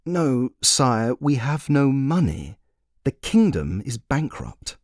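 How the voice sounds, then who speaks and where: A man's voice: medium pitch, sing-song, takes it slowly, darkish tone, no echo, voice pushed up. A man voicing a patient royal servant who speaks formally, deferentially and with dry understatement.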